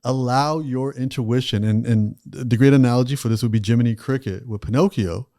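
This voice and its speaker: A man's voice: mid-range voice, brisk, mellow. A man who is an author and a podcast guest, talking in a reflective way and explaining ideas with examples. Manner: reflective storyteller who uses examples and analogies. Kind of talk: podcast conversation.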